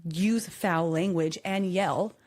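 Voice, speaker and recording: A woman in her thirties co-hosting a podcast, telling a story with animated acted-out voices. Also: on the low side, slow. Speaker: podcast co-host. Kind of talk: casual chat.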